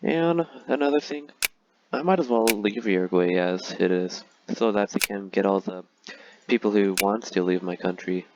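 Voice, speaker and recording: A man's voice: lowish voice, moderate pace, dull audio, background noise. A man talking casually and sarcastically through a strategy game, with frequent filler words. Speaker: gaming video creator.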